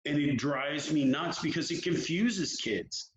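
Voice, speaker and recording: A fairly high-voiced man talks with frank, animated energy, building his points through lively anecdotes. His voice carries the echo of a roomy space, and the sound is dull and lo-fi. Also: measured pace. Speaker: hockey development coach. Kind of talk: candid interview talk.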